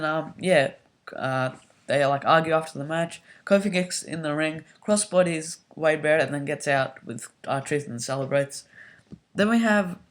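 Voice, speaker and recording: A YouTuber casually recapping a wrestling show, talking in a rambling, hesitant way full of um and like, and getting loud and excitable when worked up. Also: medium pitch.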